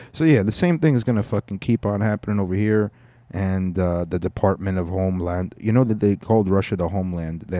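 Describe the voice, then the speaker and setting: Guy on a podcast, low voice, dry close sound, rambly and jokey. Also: warm tone, dry recording. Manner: joking, rambling, profane. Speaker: podcast host. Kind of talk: casual rambling podcast talk.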